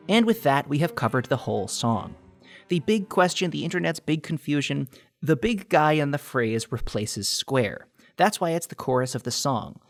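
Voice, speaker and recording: A man narrating a mock-serious video essay over faint background music. His mid-pitched voice swings up and down in lively bursts, and he delivers over-the-top analysis with earnest gravity while nearly cracking up. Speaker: YouTube theory video host.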